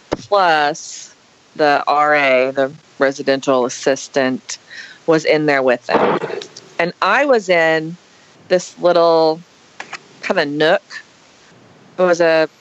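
Animated woman telling a story. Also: deep voice, clear, resonant tone, dull audio. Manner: animated, dramatic retelling. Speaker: guest storyteller. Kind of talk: casual storytelling.

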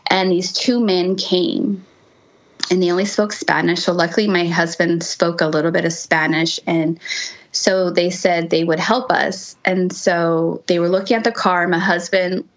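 A woman guest telling a personal story in a lively way, using "like" often. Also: lowish voice, a little slow. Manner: animated, fillers of "like". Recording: muffled lo-fi audio.

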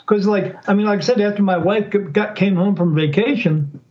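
A man's voice: high voice, a little fast, highs cut off. A man telling a story as a guest in a casual interview. He acts out what other people said by shifting his voice. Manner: animated, acts out quoted speech in changing voices. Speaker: podcast guest, psychic.

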